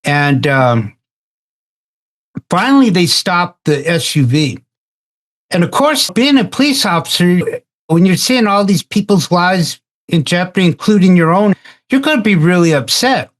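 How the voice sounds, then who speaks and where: Man telling a halting anecdote. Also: high-pitched, lively intonation. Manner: halting, repeats words while telling an anecdote. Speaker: roundtable participant. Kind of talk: casual discussion, storytelling.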